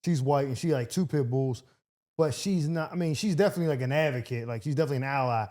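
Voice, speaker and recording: A man's voice: mid-range voice, fast talker, warm tone. A man hosting a podcast, chatting casually in loose, profane banter and laughing often. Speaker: podcast host.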